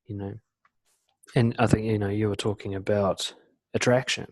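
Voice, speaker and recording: A man coaching in a casual webinar talk, full of "you know" and "like", acting out quoted lines in lively voices. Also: on the low side, normal speed, dry recording. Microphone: computer mic on a video call.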